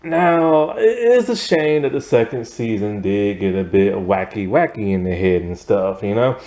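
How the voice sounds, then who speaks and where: A man giving a casual spoken video review of a TV series, rambling, filling pauses with fillers and laughing often. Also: lowish voice, lively intonation, a little mellow.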